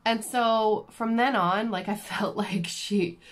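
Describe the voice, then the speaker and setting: A woman vlogger telling a personal story in a casual, animated, self-deprecating way with lots of fillers. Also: medium pitch, takes it slowly. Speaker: crafting vlogger.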